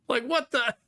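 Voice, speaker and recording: A very high, sharp-toned male voice comes through a good studio condenser mic. The man, from Ohio, USA, is streaming live and chatting casually with his viewers, often laughing and kidding around.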